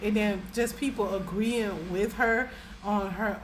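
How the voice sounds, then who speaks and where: Animated, laughing young woman telling a story. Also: moderate pace, a little hiss or hum. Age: young adult. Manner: animated and laughing, with dramatic pitch jumps. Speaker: storyteller, vlogger. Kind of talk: casual storytime vlog.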